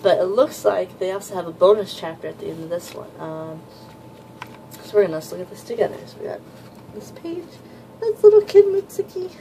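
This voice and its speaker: A woman talks her way through a new manga volume at home, rambling and breaking into excited gushing. Her voice has a gravelly fry and a slightly sore throat. A faint hiss sits behind her. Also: on the low side, fast talker, poor audio. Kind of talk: casual unboxing chat.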